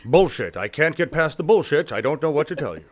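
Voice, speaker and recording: A man's voice: a little high, sing-song, a little fast. A man co-hosting a casual political talk show, profane and mocking, often acting out the people he talks about. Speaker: co-host.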